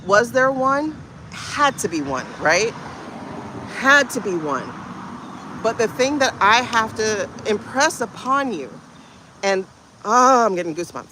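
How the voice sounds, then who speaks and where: A woman's voice: fairly high pitch, very animated, background noise. Emotional woman on a spiritual livestream. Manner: emotional, halting, repeats herself, sighs and laughs. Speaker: livestream host, intuitive reader. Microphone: phone livestream.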